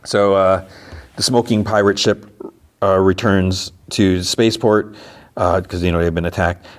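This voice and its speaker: A man's voice: low-pitched, steady tone, unhurried. A man hosting a podcast, casually recapping an episode with lots of fillers. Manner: casual, filler-heavy storytelling. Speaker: podcast host.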